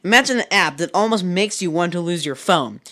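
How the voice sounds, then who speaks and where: A man's voice: high voice, expressive, a little fast, pushed and bright. A man co-hosting a tech podcast in casual chat, teasing and laughing often. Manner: giggly, teasing. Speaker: podcast co-host.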